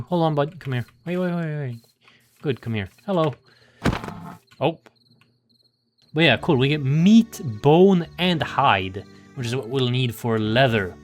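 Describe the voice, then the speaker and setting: Young man, casual gameplay commentary, swears a lot, talks to himself, exasperated grumbling. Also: a little high. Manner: sing-song baby talk to animals. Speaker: gaming video creator.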